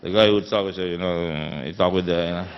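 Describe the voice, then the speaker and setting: Emphatic man, lower voice, echoing hall. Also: steady tone, fast, clean tone. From Philippines. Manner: storytelling, emphatic, many fillers. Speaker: guest speaker. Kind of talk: anecdotal conference speech. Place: conference hall. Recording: dull sound in a reverberant hall.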